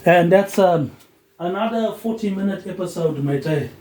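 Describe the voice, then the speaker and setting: A man hosting a solo podcast, rambling loosely with "um" pauses and dropping a low, quiet "mate" at the end of his phrases. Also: roomy sound, slight background noise, low-quality recording. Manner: drifting, loosely connected talk with "um" pauses. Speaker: podcast host.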